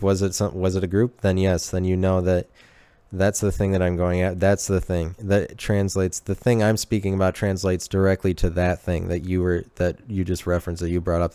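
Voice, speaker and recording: A man with a low, smooth, clear voice rambles through a comedic podcast monologue. He keeps restarting his sentences and talks to himself with irony. The sound is dry and close. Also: warm tone, no room sound. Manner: rambling, restarting sentences, ironic self-talk. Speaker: podcast host.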